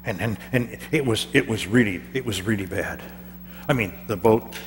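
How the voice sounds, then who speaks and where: In a church hall, a pastor with a lowish voice delivers a first-person character sermon at a moderate pace, telling the story theatrically and conversationally with stammered repeats. The recording has church hall reverb and a faint hum.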